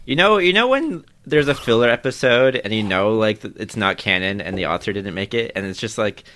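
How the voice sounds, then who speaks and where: A man co-hosting a casual anime podcast, complaining in an exasperated, animated way. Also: fairly low pitch, fairly quick. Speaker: podcast co-host. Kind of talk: casual chat.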